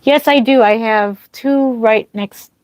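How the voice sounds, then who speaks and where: This reborn doll artist talks slowly in a fairly high voice while hosting a livestream from her home nursery. She thanks viewers by name as she chats, fills the gaps with lots of fillers, and sounds a little dry in the throat. She's wearing a mic, and there's no echo.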